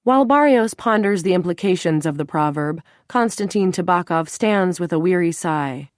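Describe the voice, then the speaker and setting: A woman narrating an audiobook in a steady, even storytelling manner. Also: lowish voice, normal speed, dry recording, studio quality.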